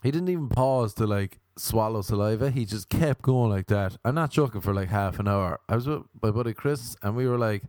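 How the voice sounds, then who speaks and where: An Irish comedian and podcast host, ranting in a rambling, sardonic casual chat. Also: male voice, fairly low pitch, brisk, few pauses, a little mellow, no echo. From Ireland.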